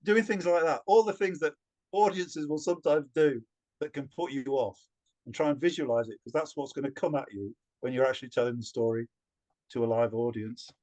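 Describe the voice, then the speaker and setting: A man who works as a storyteller, answering interview questions in an animated way with many repeated words and restarts. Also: medium pitch, fairly quick.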